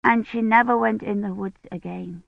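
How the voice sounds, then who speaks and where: A woman voicing a caring young woman who speaks gently and soothingly. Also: mid-range voice, steady tone, normal speed, creaky, no echo, pitched above the performer's own voice. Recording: dry, tinny phone-like sound.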